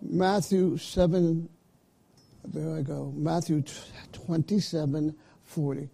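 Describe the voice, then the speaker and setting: Man preaching, slow deliberate delivery, husky mellow voice, emphatic call-outs. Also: a little high. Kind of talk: sermon.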